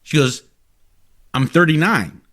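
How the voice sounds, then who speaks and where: A man in his forties co-hosting a casual podcast, telling stories and acting out what others said. His pitch moves a lot as he talks. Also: expressive, slow, a bit bright. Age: 40s. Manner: storytelling, acts out quotes. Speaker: podcast co-host. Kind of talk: casual chat.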